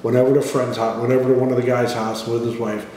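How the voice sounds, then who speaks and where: A middle-aged man casually telling a personal testimony in a plain, relaxed way, often clearing his throat and restarting. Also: medium pitch, quick pace. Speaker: father sharing a personal testimony. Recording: echoey room, voice from some distance, faint noise.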